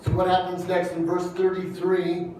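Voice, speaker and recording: A man delivering a sermon in a relaxed, talky way, pressing his points with questions to the room. His voice sits high for a man and rings through a large church hall. He is well off the mic, with a faint hiss underneath. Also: moderate pace, recorded from a distance. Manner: conversational, emphatic, asks the congregation questions. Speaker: preacher.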